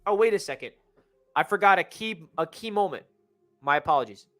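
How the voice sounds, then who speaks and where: Young guy hyped up recapping a football game, high bright voice, rambles and corrects himself, faint music behind. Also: brisk. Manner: energetic, rambling, self-correcting. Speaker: sports fan channel host.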